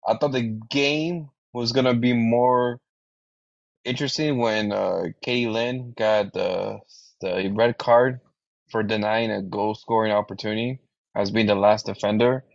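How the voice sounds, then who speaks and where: A man co-hosting a soccer podcast, giving a measured game recap with plenty of fillers and hedges. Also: fairly low pitch, steady tone, gravelly, no room sound. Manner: measured, hedging, filler-heavy. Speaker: podcast co-host, soccer reporter. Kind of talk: casual chat. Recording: dull lo-fi dry sound.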